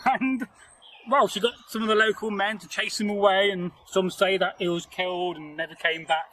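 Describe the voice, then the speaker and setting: A man's voice: high-pitched, steady tone, normal speed, sharp tone, a little hiss or hum, rough recording. A man, telling a folktale outdoors in a rambling, chatty way, laughing and joking with a companion. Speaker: folktale storyteller and channel host. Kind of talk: casual spoken storytelling. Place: outdoors in nature.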